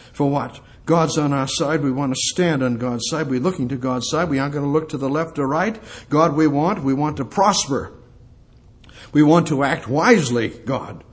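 An older man preaching a sermon, emphatic and repetitive, quoting scripture and putting questions to his listeners. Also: a little high. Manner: emphatic, repeats phrases, quotes scripture, asks the congregation questions.

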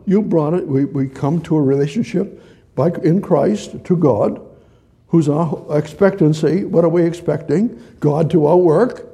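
Male preacher, sermon, very dark tone, husky, repetitive, asks questions, reads scripture. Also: on the high side. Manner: gestures with hands while teaching.

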